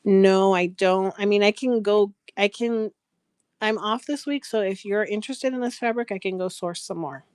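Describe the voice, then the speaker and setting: A woman's voice: mid-range voice, normal speed, a little mellow, clean tone, dry recording. Chatty woman hosting a craft live stream. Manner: chatty, rambling, laughs often, talks to viewers by name. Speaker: craft seller and live show host. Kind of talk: casual live-stream sales chat.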